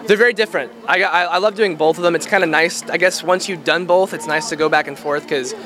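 A young man with a bright, slightly high voice talks easily and at length, filling pauses with ums. He is a voice actor giving an interview outdoors at an event. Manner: relaxed, rambling with many fillers. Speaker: voice actor guest. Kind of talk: casual interview.

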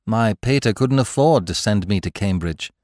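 A man's voice: fairly low pitch, lively intonation, moderate pace, darkish tone, dry recording, clean studio sound, natural voice. A man voicing a blunt, earnest nineteen-year-old who speaks plainly and gets flustered.

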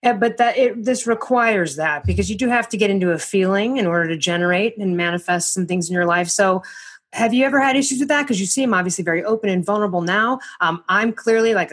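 A woman at a middle pitch, hosting a podcast interview. She talks thoughtfully and searches for her words, circling back as she reaches a point. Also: brisk, fairly bright tone, husky. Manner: reflective, searching, with many fillers and restarts. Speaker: podcast host.

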